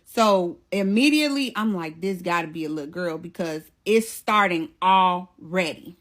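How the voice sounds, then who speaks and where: A woman, telling her own story to viewers in a chatty, animated storytime vlog. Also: lowish voice, moderate pace. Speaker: vlogger.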